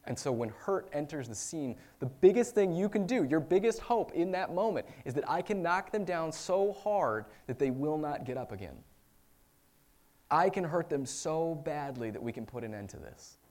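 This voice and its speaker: A man preaching a sermon in a conversational way, with fillers and self-corrections, rising to loud emphatic peaks and dropping to quiet reflection. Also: a little high, expressive, normal speed. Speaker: pastor.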